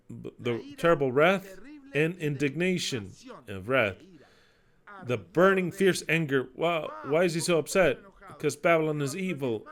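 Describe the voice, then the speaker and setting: Impassioned male preacher reading scripture. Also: on the high side. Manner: impassioned, sarcastic, swears, swings from loud to muttered.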